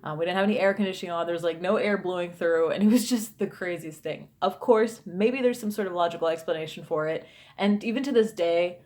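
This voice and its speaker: A chatty woman in her thirties tells a true ghost story straight to camera. Her voice sits fairly low, and her talk is full of fillers and casual asides. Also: quick pace, a little mellow. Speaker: YouTuber. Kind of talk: storytime vlog.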